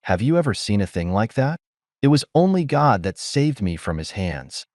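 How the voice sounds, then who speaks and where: A man's voice: fairly low pitch, sing-song, moderate pace, darkish tone, dry recording, clean studio sound. A man reading an audiobook, voicing an earnest, plain-spoken young woman who is a college student. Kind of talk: audiobook character voice.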